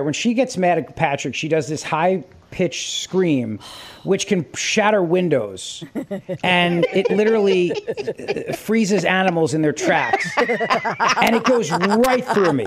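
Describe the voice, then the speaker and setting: Animated, laughing middle-aged male host. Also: high-pitched. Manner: animated storyteller, laughs often. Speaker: radio show host. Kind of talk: casual radio banter.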